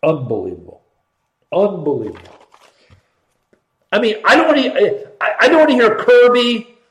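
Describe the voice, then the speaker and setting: Middle-aged male host, emphatic and sarcastic, high voice, roomy echoey sound. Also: brisk, fairly bright tone. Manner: emphatic, sarcastic, repeats for stress. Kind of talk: political commentary show.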